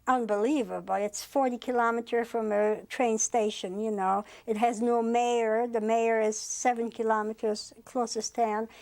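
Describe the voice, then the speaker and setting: A woman in her eighties from France, giving oral history testimony as a Holocaust survivor and retelling conversations with frequent "he says" and halting fillers. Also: fairly high pitch, a little mellow.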